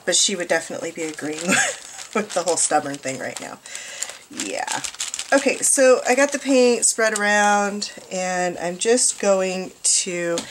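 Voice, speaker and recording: A woman's voice: fairly low pitch, a bit bright, a little hiss or hum. Chatty self-mocking craft tutorial woman. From United States. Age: middle-aged. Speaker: art journaling teacher. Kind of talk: casual craft tutorial narration.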